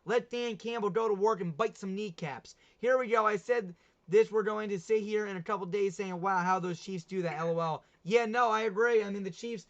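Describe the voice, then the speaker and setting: A man's voice: high voice, fairly quick. A young man hosting a casual sports talk livestream, chatty and rambling, often laughing at himself. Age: young adult. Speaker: livestream host. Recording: dull lo-fi stream audio.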